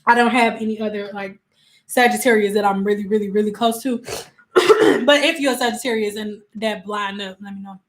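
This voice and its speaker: A woman hosting a casual livestream as a spiritual coach, telling animated stories full of slang and acted-out quotes. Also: medium pitch, fairly quick. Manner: emphatic repetitions.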